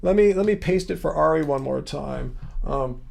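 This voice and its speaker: A man in his fifties hosting a casual livestream from a home music studio, with a sing-song baritone voice that leaps high to stress words. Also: moderate pace, vocal fry, a little mellow. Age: 50s. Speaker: livestream host.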